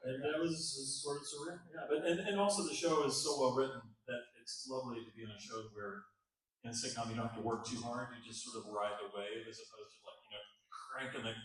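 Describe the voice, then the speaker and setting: A man on a convention panel recalling his work in a relaxed, rambling way. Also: mid-range voice, quick pace. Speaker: panel guest actor. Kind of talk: anecdotal panel answer. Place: large convention hall. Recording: echoey hall, taped from far off.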